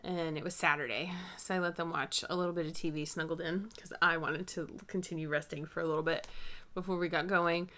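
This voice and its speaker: A woman in her thirties hosting a knitting podcast, chatting casually and telling family stories in a warm-hearted way. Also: on the low side, steady tone, a little fast. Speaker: podcast host. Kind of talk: casual chat.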